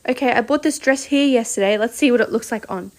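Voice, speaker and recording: A woman's voice: fairly high pitch, fast, a crowd in the background. A young woman chatting through a casual vlog, bubbly and laughing often. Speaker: vlogger.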